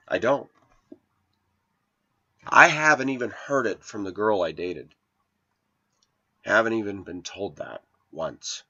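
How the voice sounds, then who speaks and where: A man's voice: on the low side, expressive, takes it slowly, long pauses, bright, forceful tone, highs cut off. A man in his forties telling a rambling personal story in an indignant, preachy way to his viewers. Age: 40s. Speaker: vlogger.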